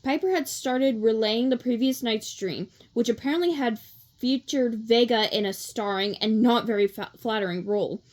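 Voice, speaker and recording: A woman reading a children's novel aloud as a read-along narrator, steady with small slips and self-corrections. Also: on the high side, normal speed.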